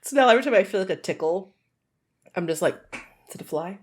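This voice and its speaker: A woman co-hosting a podcast in casual chat, her pitch sitting in the middle and swinging widely as she tells stories. She laughs often and swears freely. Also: animated, fast. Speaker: podcast co-host.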